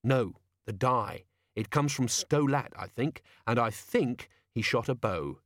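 A man voicing a young werewolf woman officer, brisk and matter-of-fact. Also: medium pitch, animated, fairly bright tone, no echo, studio quality.

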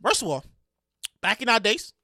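Woman, around forty, podcast host, excitable, swearing, bright voice, dry close sound. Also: fairly high pitch, normal speed, dry recording. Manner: loud, excitable, yells and swears often. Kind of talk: animated solo commentary.

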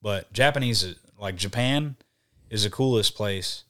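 A young man and podcast guest telling profane, animated stories in casual chat. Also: on the low side, measured pace. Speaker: podcast guest, band vocalist.

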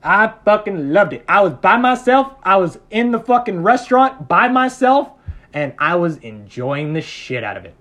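A man's voice: sits high, very animated, moderate pace, a bit bright. A man telling a story as a podcast guest, casual and heavy on swearing, laughing often.

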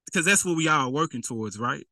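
A man's voice: on the high side, animated, fast talker, sharp tone, no room sound, low-quality recording. A man preaching a conversational sermon to his congregation, playfully acting out a rich man in casual slang and laughing along with his own jokes.

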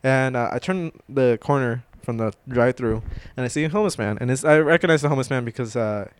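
A man's voice: medium pitch, fast, clean tone. A young man co-hosting a casual podcast at home, telling slangy stories with frequent laughs. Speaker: podcast co-host. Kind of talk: casual chat. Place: home room.

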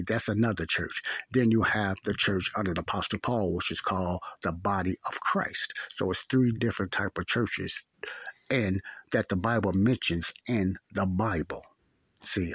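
A man's voice: low-pitched, normal speed, fairly bright tone, slightly rough, no room sound. A man teaching a Bible study, earnest and repetitive, often asking "See?" to check understanding. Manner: earnest, repeats phrases, asks "See?".

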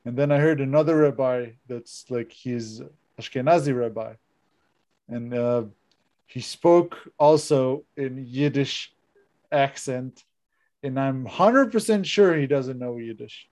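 A man's voice: mid-range voice, takes it slowly, darkish tone. A young man co-hosting a casual podcast, telling stories and jokes in a hesitant way. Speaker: podcast co-host. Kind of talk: casual chat.

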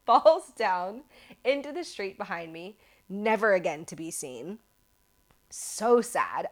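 Animated American woman telling a story. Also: medium pitch. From United States. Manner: animated, self-mocking, exaggerating for comic effect. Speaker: podcast host. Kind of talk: casual storytelling.

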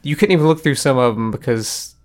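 A man's voice: medium pitch, brisk. A man co-hosting a casual chat podcast, rambling through stories with frequent restarts and small laughs. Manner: rambling, restarts often, laughs at own jokes. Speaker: podcast co-host.

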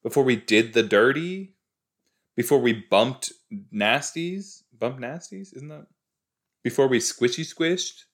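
A man's voice: medium pitch, animated, slow pace. A man hosting a podcast, reacting casually to a TV episode, chatty and rambling, often cutting himself off with exclamations. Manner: chatty, rambling, exclaiming with frequent self-interruptions.

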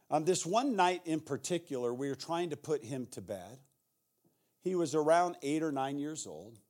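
A middle-aged man preaching as a guest speaker, telling stories in a conversational way that swings from hushed to intense. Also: mid-range voice. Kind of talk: storytelling sermon.

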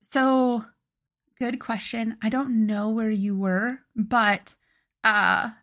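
A woman's voice: fairly high pitch, steady tone, extremely slow, a bit bright. A young woman co-hosting a podcast in casual chat, rambling and correcting herself as she recalls events. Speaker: podcast co-host.

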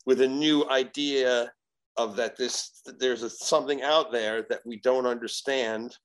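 Animated, profane male storyteller. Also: medium pitch, low-quality recording. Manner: animated, profane, acts out quoted voices. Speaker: podcast guest. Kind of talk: casual storytelling.

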